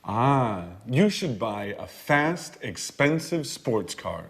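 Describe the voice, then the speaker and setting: A man playing a teasing friend with lively intonation. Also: mid-range voice, slow pace, creaky, slightly rough, full character voice. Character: joking male friend giving advice. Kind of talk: scripted dialogue for learners.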